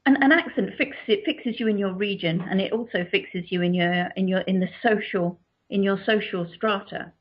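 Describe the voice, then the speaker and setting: A woman from England with a southern English accent, an author answering interview questions in a measured, explanatory way. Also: medium pitch. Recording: dull lo-fi recording.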